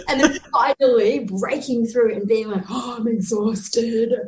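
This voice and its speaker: A woman's voice: fairly low pitch, mellow. A woman breathwork teacher speaking in a casual conversation, earnest and encouraging as she explains her ideas. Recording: echoey room.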